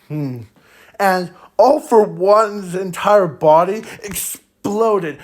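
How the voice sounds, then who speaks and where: A man improvising a fan story aloud in a rambling, halting way, often trailing off. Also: a little high, rough recording.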